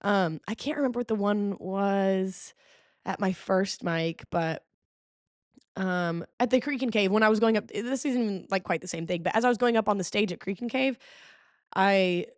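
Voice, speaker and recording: A woman hosting a podcast in casual chat, telling stories expressively, full of "okay?" and "like", with sudden jumps in pitch. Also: moderate pace, no room sound, studio quality. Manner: frequent fillers like "okay?" and "like". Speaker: podcast host.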